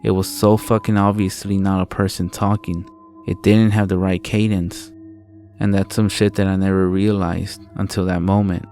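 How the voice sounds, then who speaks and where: A man narrating a first-person horror story in a low, steady storytelling manner, swearing often. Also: normal speed, soft background music.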